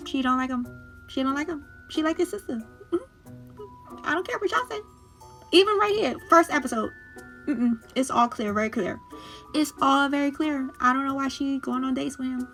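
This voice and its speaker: A woman's voice: high voice, expressive, normal speed, a bit bright, faint music behind. A woman recapping a series episode in a casual chat, laughing often and teasing the characters as if she were talking to them. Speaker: show recap host. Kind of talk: casual reaction commentary.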